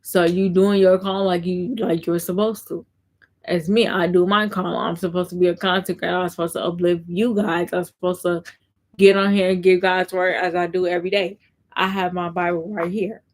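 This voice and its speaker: A woman's voice: lowish voice, flat delivery, moderate pace. A woman content creator giving casual faith talk on a live stream, reading viewer comments aloud and answering them earnestly, often repeating herself.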